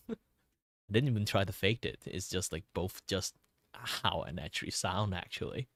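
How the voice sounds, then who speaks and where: A low-voiced man talks casually to his stream viewers. His voice is tired and wearing thin from a lot of talking. He rambles along with fillers and soft chuckles, close to a dry mic. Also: normal speed, dry recording. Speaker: VTuber streamer.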